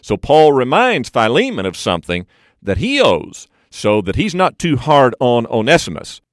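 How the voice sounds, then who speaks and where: A male preacher gives a verse-by-verse sermon in a voice that swings widely between high and low. He slows to stress the key phrases. The sound is close and dry, with no room around it. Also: no echo. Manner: expository preaching with lively swings in pitch and slowed emphasis on key phrases.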